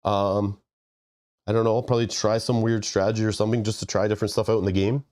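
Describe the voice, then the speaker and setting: Male streamer host, nasal from congestion, low and dark, casual and rambling. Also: level tone, fast. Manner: rambling, joking asides. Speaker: livestream host. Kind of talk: casual live-stream chat.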